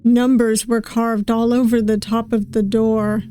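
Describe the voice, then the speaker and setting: Slow, musing woman streamer. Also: on the high side, little pitch movement, slight background noise. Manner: musing, reads lines slowly with soft asides. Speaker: VTuber game streamer. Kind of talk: reading game dialogue aloud with commentary. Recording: game music playing behind voice.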